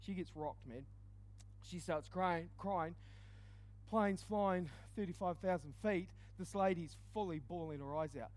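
A man delivers a lively storytelling sermon. His voice sits high for a man. He booms one moment and goes quiet the next. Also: unhurried. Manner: animated, swings from loud exclaims to hushed asides. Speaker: preacher.

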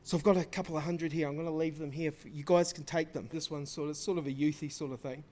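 A male preacher with a notably high voice. He preaches casually, tells stories and acts out the lines people said, with plenty of slang thrown in. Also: fast talker. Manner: lively storytelling, acting out quoted dialogue; casual, slangy talk to the congregation. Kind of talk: sermon.

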